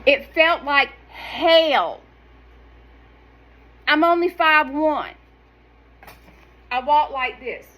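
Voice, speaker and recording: A middle-aged woman, talking straight to her viewers in a sassy, animated, emphatic way. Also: sits high, extremely slow, pauses often, rough recording. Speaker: wellness vlogger. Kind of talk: casual direct-to-camera talk.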